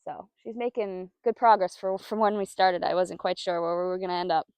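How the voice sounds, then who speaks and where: A woman horse trainer talking casually as she works outdoors with a horse, praising it softly. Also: fairly low pitch, a little fast, clean tone, no echo. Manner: soft, coaxing praise to the horse.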